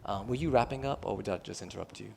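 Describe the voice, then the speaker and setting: A man with a lowish voice talks at a racing pace, with vocal fry and a little hiss or hum in the audio. He's on a panel at an arts event, chatting loosely and relaxed, peppering his speech with "um" and "kinda."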